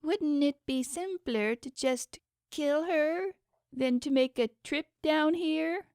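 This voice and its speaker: A woman's voice: high-pitched, darkish tone, no echo, clean studio sound, pitched above the performer's own voice. A woman voicing a pompous, impatient male underworld god who tries to sound royal. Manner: haughty, drawn-out, trying to sound royal. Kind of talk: audiobook character voice.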